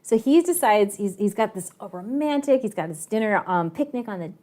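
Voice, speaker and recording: A woman teacher telling a lively story to her online class, chatty and animated, with frequent laughing asides, over a video call. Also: medium pitch, a little fast. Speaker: math and science teacher.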